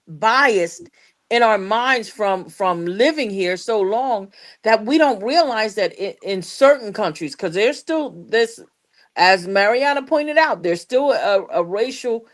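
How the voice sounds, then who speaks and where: A woman co-hosting a casual panel chat, telling stories in an animated way and acting out the other voices. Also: medium pitch, measured pace. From United States. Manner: animated storyteller, acts out quotes, laughs often. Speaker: co-host.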